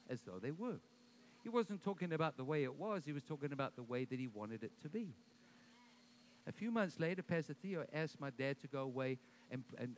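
A man preaching a sermon at a church service, telling a story and then leading the congregation in loud, rising declarations, often repeating his first words. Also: medium pitch, slight background noise. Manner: repeats words when starting sentences, builds to loud declarations. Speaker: pastor.

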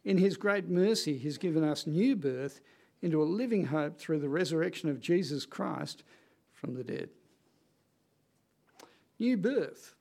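A man delivers a sermon in an earnest, conversational tone. His voice sits a little high for a man and carries a gravelly rasp. He lets key words hang in deliberate pauses. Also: expressive, darkish tone. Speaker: preacher.

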